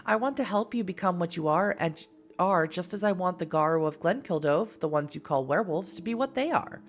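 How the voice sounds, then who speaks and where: A woman's voice: lowish voice, animated, lightly acted. Woman putting on a haughty ancient fairy. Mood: lofty. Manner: haughty, formal, slow. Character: lofty disdainful fairy woman, ancient and mocking.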